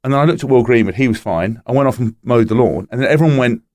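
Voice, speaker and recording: Man, casual guest, rattles off anecdotes quickly, dry sound. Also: mid-range voice, no room sound. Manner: animated storyteller, swears freely, acts out quotes. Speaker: podcast guest telling anecdotes. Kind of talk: casual chat.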